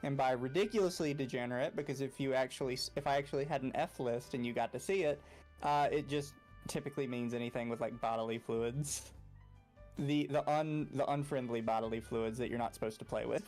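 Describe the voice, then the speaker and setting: A man's voice: medium pitch, fairly quick, darkish tone, soft background music. A young man with a faint Southern US accent, co-hosting a casual podcast and telling frank, joking stories. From Southern United States. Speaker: podcast co-host.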